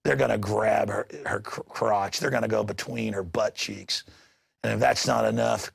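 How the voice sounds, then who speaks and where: A man hosting a news commentary show, ranting with passion and bursting into shouts. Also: mid-range voice, moderate pace, gravelly, husky, dry recording, clean studio sound. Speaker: talk show host. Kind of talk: heated news commentary monologue.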